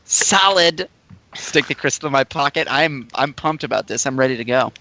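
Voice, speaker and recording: A man's voice: medium pitch, lively intonation, moderate pace, pushed and bright. Eager chatty man playing a tabletop game. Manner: eager, chatty, talks in character plans. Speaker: player. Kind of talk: casual tabletop game play.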